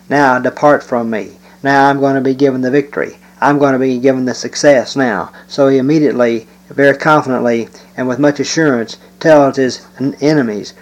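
A man gives a Bible lesson in a measured, explanatory way. His voice sits at an ordinary pitch, and he reads the scripture slowly, with the odd hesitant "uh" between his points. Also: poor audio. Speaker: Bible teacher.

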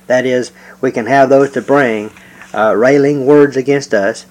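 Man teaching a psalm, measured, halting. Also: mid-range voice, steady tone, darkish tone, poor audio. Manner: measured, with frequent "uh" pauses. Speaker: preacher. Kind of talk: verse-by-verse Bible teaching.

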